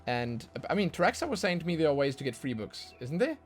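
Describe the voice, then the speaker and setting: A man streams a game live and chats casually with viewers, rambling and repeating words, with sudden bursts of excitement. His voice is a little high and quick, with faint music in the background.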